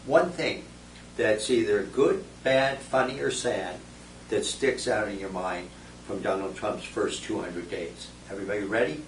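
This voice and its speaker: A man's voice: on the low side, measured pace. A man moderating a focus group, posing questions and calling on people by name, heard from a distance in a roomy space. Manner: poses questions, then calls on people by name. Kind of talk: guiding a group discussion. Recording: roomy distant recording with faint noise.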